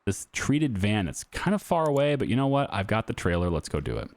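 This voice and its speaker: A man's voice: fairly low pitch, very animated, brisk, no echo. A man in his thirties chatting casually over gameplay, joking and sarcastic with his viewers. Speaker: gaming YouTuber.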